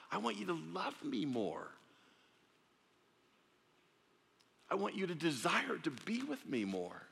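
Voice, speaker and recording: A man voicing God as a tender figure pleading for closeness, in a soft, coaxing way. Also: sits high, vocal fry, long reverb tail, pitched above the performer's own voice, heavily acted. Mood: yearning.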